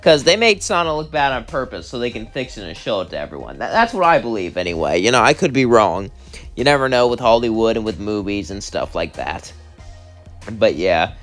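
A man's voice: on the low side, big pitch swings, brisk, fairly bright tone, soft background music. A young man telling a fan story in a casual storytelling style and chatting rambling and giggly to his viewers. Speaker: channel host.

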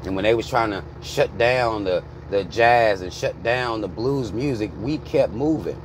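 A man's voice: on the low side, a little slow, slight background noise. An American man in his thirties, bluntly ranting on a vlog with heavy swearing from inside a car. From United States. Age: 30s. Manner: heated, blunt, swearing freely. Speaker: vlogger. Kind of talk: profane ranting commentary.

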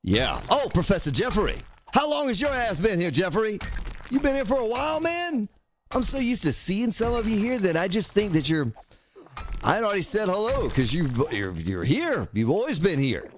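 A man's voice: high voice, sing-song, moderate pace, slight background noise. A man streaming a game, joking around and teasing his chat viewers by name as he plays. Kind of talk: casual gameplay livestream commentary.

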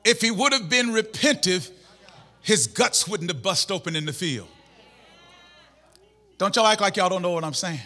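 A man preaching a sermon as pastor in a church, impassioned, shouting and half-singing phrases. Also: high voice, expressive, moderate pace, pauses often.

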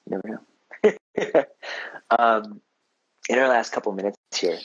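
Husky low-voiced male podcast host. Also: moderate pace, dry recording, lo-fi sound. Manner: relaxed storytelling with many fillers. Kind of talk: casual interview chat.

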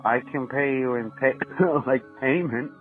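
Prank caller, male, mid-pitched, mocking and foul-mouthed, tinny phone sound. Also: unhurried. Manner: mocking, profane, taunting. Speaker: prank caller baiting scammers. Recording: tinny phone line, faint music.

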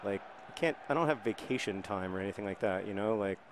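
Over a noisy background, a man with a fairly low voice talks quickly through a video game. Still getting over an illness and short on energy, the thirtysomething rambles with dry humor and occasionally breaks into excited shouts.

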